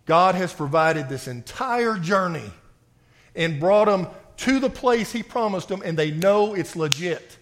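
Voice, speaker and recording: A man preaching a sermon and reading scripture aloud, swinging between forceful outbursts and quiet reading. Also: high voice, lively intonation, unhurried, slight background noise. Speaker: pastor.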